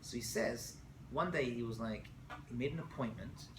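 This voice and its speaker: A man teaching a lively class as a rabbi, telling stories with acted-out quotes and checking in with frequent asides. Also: medium pitch, moderate pace. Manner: animated storytelling with acted quotes, many "right?" asides. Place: college classroom. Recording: echoey room, faint noise.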